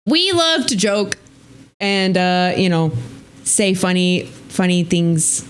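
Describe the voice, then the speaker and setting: A woman's voice: on the low side, slow pace, clear, resonant tone. A woman hosting a live stream, chatting casually and teasing her viewers in a playful way. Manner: playful, teasing, lively thanks to chat.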